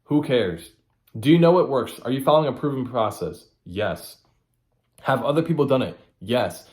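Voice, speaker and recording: A man's voice: medium pitch, animated, moderate pace, darkish tone, echoey room. A man hosting a solo motivational podcast, blunt and profane, hammering his point home by repeating it. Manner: blunt, profane and repetitive for emphasis. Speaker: podcast host.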